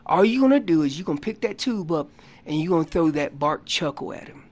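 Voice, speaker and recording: A man talks loosely and energetically as a radio guest teaching listeners about calling. He bounces between plain explanation and quick acted-out lines, with his pitch jumping around as he goes. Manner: animated, explanatory, acts out what the animals say; loose casual grammar. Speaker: elk calling champion guest. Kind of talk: instructional radio interview.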